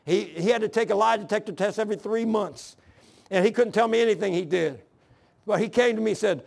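His voice sits high and a little mellow, and his delivery is brisk. He's a man in his sixties giving a church sermon, mixing scripture and personal witness in a folksy, heartfelt storytelling manner with rough grammar.

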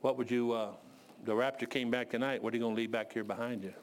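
A man preaching a sermon and telling animated stories, sometimes out of breath. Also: medium pitch, quick pace, a little hiss or hum. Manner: animated storytelling, shouts voices of others.

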